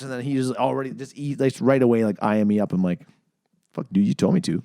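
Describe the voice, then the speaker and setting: A man's voice: medium pitch, brisk, creaky, no echo. A man co-hosting a podcast who chats casually and tells swearing-laced stories, acting out the voices in them. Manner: animated storytelling, acts out quotes, swears a lot. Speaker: podcast co-host. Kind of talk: casual chat.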